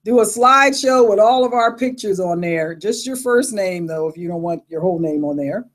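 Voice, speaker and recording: A middle-aged woman vlogger chatting casually, reading viewer comments and telling animated stories with frequent laughter. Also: medium pitch, normal speed. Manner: animated storyteller who laughs often and acts out reactions. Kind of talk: casual chat.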